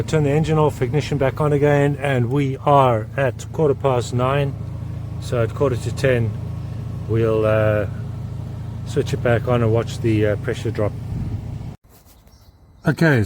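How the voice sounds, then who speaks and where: A man's voice: mid-range voice, flat delivery, measured pace, background noise. A man working as a mechanic, giving a hands-on how-to demonstration and explaining each step while he works under a car in a garage.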